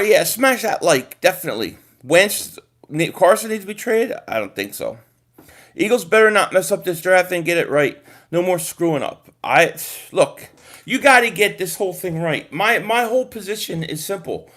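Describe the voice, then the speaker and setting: A man hosting a casual sports livestream, talking straight to viewers, animated and swearing freely. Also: high-pitched. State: groggy from a nap. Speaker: livestream host reading chat.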